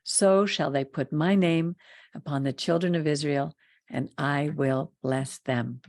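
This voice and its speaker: A woman's voice: low-pitched, fairly even intonation, unhurried, a little mellow, no room sound, studio quality. A woman hosting a Torah study talk, speaking earnestly and with emphasis. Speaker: host of a Torah study program. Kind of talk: teaching talk and closing blessing.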